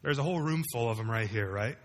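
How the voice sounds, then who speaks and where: Conversational preacher in a reverberant hall. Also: male voice, medium pitch, expressive, fast talker. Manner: conversational preaching with rhetorical questions. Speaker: pastor. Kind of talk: sermon. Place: large room with congregation.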